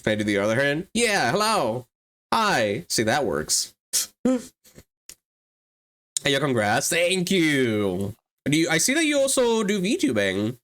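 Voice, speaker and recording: A livestreamer and 3D artist in casual chat who laughs often, swears freely and jumps up in pitch when excited. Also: unhurried, pauses often.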